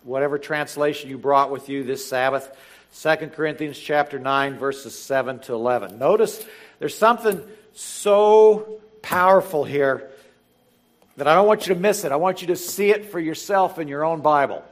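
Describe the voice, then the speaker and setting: A man preaching a sermon, reading scripture slowly and building to emphatic, animated exhortation. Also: on the high side. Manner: reads scripture slowly and deliberately. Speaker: pastor.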